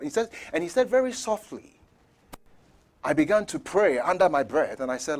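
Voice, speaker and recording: A man preaching with a fairly high, lively voice that climbs and falls as he tells stories. He swings from loud bursts to soft, hushed lines and chuckles between points. The delivery is animated and sermon-paced. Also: a little slow, long pauses. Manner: animated storytelling, swings from loud shouts to near-whispers. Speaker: pastor.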